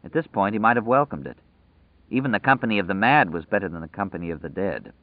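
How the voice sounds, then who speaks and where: Male audiobook narrator, lowish voice, measured and dramatic, dry tinny phone-quality sound. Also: expressive, no room sound.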